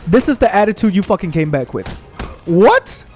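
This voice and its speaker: A young man hosting a gaming channel, ranting in a heated, profane, animated way while he plays. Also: high voice, moderate pace, faint music behind. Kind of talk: ranting commentary over gameplay.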